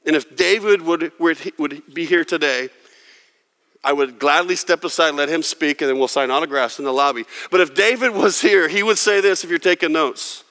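A man preaching a sermon, dramatic and expressive, acting out quoted prayers with mounting intensity. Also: fairly high pitch, brisk. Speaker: pastor. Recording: long hall reverb.

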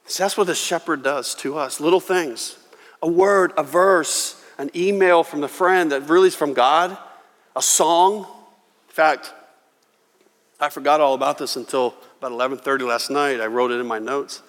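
A middle-aged man preaching a sermon as pastor, earnest and emotional, often halting and restarting his words. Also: on the high side, a bit bright. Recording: long reverb of a church hall.

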